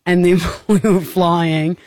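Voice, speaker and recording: A woman's voice: lowish voice, steady tone, slow, a little mellow, no room sound. A woman with an Australian accent, co-hosting a radio show and telling a story with lots of giggles. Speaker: radio co-host. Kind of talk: casual radio banter.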